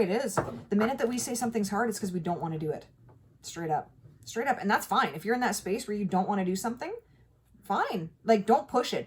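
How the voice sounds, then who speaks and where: A woman giving a casual tarot reading to camera, talking in an animated, emphatic way and swearing now and then. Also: medium pitch, noisy background. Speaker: tarot reader.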